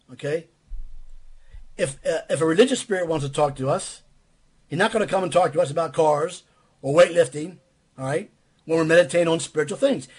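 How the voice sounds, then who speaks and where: A man's voice: a little high, husky. A man preaching a sermon in a blunt, emphatic way, repeating phrases for stress.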